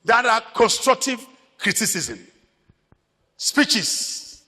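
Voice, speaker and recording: A man's voice: very high voice, sing-song, moderate pace, pauses often, sharp tone, big-room sound. A Nigerian man preaching a sermon as pastor, emphatic, repeating his phrases.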